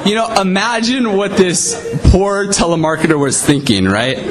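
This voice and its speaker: A man's voice: high-pitched, expressive, normal speed, very noisy. A man preaching a sermon in a conversational way, often saying "you know".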